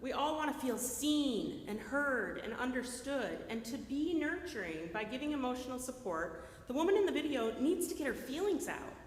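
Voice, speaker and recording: A woman preaching a sermon in a lively, conversational way, often checking in with her listeners by asking "right?". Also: high-pitched, moderate pace, hardly any pauses, a little hiss or hum. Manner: animated, keeps checking in with the audience by asking "right?". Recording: echoey hall with long reverb.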